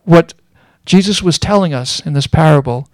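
A man giving a sermon as a Bible teacher, earnest and explanatory, pausing often with fillers. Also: a little high, no room sound.

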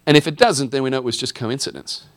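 A man's voice: medium pitch, fast, no echo, lightly acted. A man voicing a group of worried ancient Philistine lords who talk over what to do, as an aside in a Bible lesson. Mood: anxious. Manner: anxious, talking it over among themselves.

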